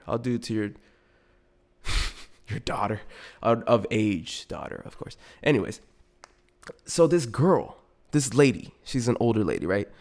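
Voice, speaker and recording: A male podcast host rants through a story in a loose, casual way. He swears constantly, restarts sentences and goes off on asides. His voice sits in an ordinary middle pitch. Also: gravelly. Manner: profane, animated, frequent restarts and asides.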